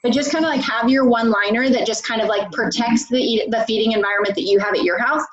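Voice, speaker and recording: Woman dietitian coaching on a call, kinda high voice, roomy muffled sound, lots of "like"s. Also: fast talker. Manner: chatty, lots of "like" and restarts. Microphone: video call.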